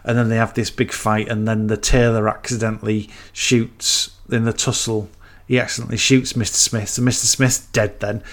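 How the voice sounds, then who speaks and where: A man's voice: on the low side, little pitch movement, moderate pace, hardly any pauses. A man retelling a film plot in casual chat, rambling and acting out the characters' lines. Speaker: podcast co-host.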